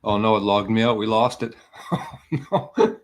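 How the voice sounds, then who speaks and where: Man, low voice, live-stream host, casual, scattered, a bit out of breath. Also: level tone, brisk. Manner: scattered, self-mocking, talking to viewers. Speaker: podcast host.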